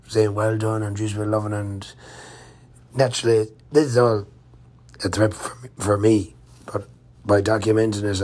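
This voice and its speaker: A man's voice: on the low side, darkish tone. A man telling a rambling, chatty travel-diary story of his day on the road, full of fillers and restarts. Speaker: touring cyclist vlogger. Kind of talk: casual travel-diary narration.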